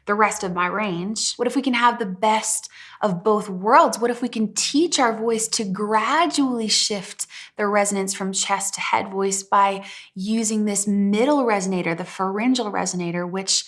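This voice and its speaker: A young woman giving a singing lesson in a clear, encouraging way. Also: medium pitch, moderate pace, fairly bright tone. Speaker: vocal coach. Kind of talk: singing lesson with sung demonstrations.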